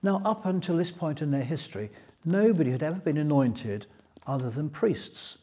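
A man preaching a Bible teaching sermon, retelling scripture in a lively storytelling way. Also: fairly high pitch, normal speed, husky.

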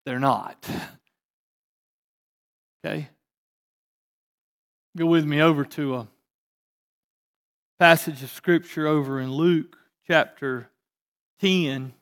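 A man preaching a sermon as pastor, swinging between emphatic rising bursts and quiet asides. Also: fairly high pitch, slow pace, long pauses. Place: church sanctuary.

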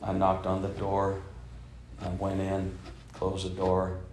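A man in his fifties preaching a sermon as a bishop, telling stories and swinging between loud emphasis and soft, hushed passages. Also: low-pitched, monotone, slow, echoey room, a little hiss or hum. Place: church sanctuary.

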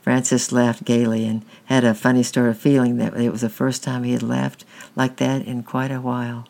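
A man reading a children's novel aloud in a plain, unhurried way, with occasional slips. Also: medium pitch, flat delivery, gravelly, a little mellow. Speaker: reader.

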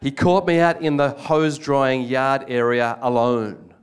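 Delivering a sermon with a slightly slow, smooth, mid-range voice, this older Australian man spins lively, joke-filled stories. He performs the quoted voices of the characters as he goes.

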